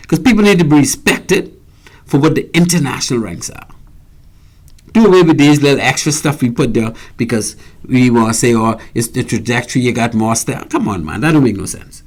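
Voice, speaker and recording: Animated older Bahamian man on radio. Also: mid-range voice. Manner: emphatic, repeats words while searching, indignant. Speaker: radio show host. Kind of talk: radio talk show monologue.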